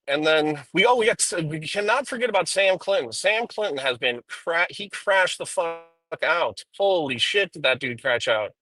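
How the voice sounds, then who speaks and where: A man's voice: a little high, bright, forceful tone, no echo, poor audio. A man streaming live while driving, rambling through profane drama commentary with frequent ums. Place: inside a car.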